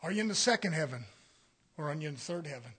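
A man preaching a sermon with fiery energy, swinging between shouted declarations and hushed, quiet asides, with folksy Southern phrasing. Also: fairly high pitch, lively intonation, fast talker.

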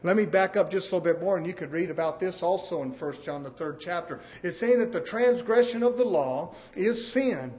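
A man preaching a sermon, rising and falling in emphatic bursts and often saying "amen" and "brothers and sisters". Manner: emphatic preaching with sudden rises in pitch and loudness.

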